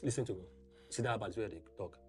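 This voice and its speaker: A man's voice: on the low side, racing, a little mellow, soft background music, natural voice. An actor with a Nigerian Pidgin accent playing a streetwise man who boasts of his connections and reassures a friend. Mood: boastful. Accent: Nigerian Pidgin English. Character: fast-talking streetwise man, boastful fixer.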